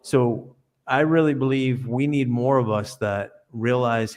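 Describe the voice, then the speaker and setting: A man's voice: mid-range voice, unhurried, a little mellow. Man, podcast guest, earnest, storytelling like a preacher, over a video call. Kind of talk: conversational interview.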